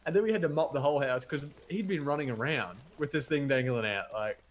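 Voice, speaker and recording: A man streaming a video game, chatting casually and telling stories in an animated, swearing way. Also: mid-range voice, fast talker, a crowd in the background. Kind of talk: casual gaming stream chat. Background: game music.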